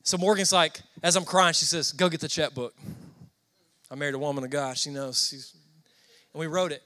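A man's voice: fairly high pitch, brisk, bright, forceful tone. A young Southern man with a Southern American accent, preaching a sermon in a storytelling, conversational way and asking the congregation questions. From Southern United States. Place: church before a congregation.

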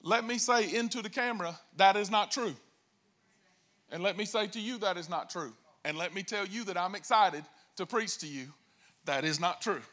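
A man preaching a sermon as pastor, telling jokes and stories in a lively way and acting out quoted voices. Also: high voice, moderate pace. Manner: animated, joking storytelling with acted-out voices.

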